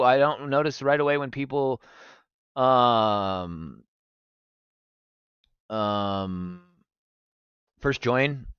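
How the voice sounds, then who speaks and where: A man's voice: mid-range voice, drawn-out words, pauses often, smooth, dry recording, highs cut off. A young man streaming live, chatting casually with his viewers and swearing freely. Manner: animated, swearing, talks to chat. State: recovering from gallstones.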